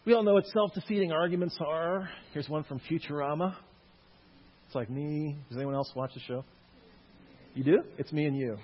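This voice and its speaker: A man's voice: a little high, slightly rough. A man lecturing a live audience on Christian apologetics, with jokey asides to the crowd. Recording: echoey hall, dull lo-fi sound.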